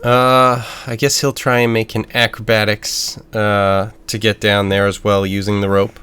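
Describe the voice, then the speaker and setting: A man's voice: lowish voice, flat delivery, unhurried, a bit bright, smooth. A man playing a tabletop game online, speaking in a tentative way. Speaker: player.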